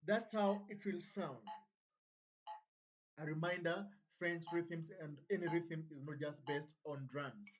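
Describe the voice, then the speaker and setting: A woman's voice: low voice, takes it slowly, lo-fi sound. A woman teaching a music revision lesson, counting beats aloud and chanting rhythm syllables.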